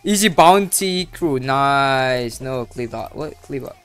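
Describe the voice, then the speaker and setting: Casual gameplay commentator, male, laid-back slow talker with excitable outbursts, light game music underneath. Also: medium pitch, smooth. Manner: excitable, shouts and laughs while talking to other players. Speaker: gaming YouTuber.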